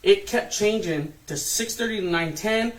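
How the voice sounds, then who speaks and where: A man in his fifties, a podcast co-host, telling a profane, animated story and acting out what others said. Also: sits high, normal speed. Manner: profane, animated, acts out quotes. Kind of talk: casual storytelling chat. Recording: distant mic, faint noise.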